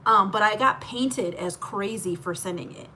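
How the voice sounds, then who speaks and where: A woman telling her own story in a candid vlog, animated and laughing often, full of asides. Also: medium pitch, moderate pace, a little hiss or hum. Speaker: vlogger.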